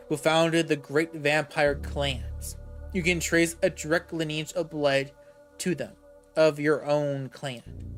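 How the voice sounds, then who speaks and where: A man doing a grave vampire lorekeeper. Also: fairly high pitch. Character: vampire ally, grave and lore-minded.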